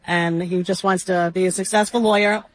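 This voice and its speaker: A woman's voice: on the low side, steady tone, normal speed, low-quality recording. A middle-aged woman, a guest talking candidly and telling family anecdotes. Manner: chatty, candid, tells funny family anecdotes. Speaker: interview guest, widow. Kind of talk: conversational interview.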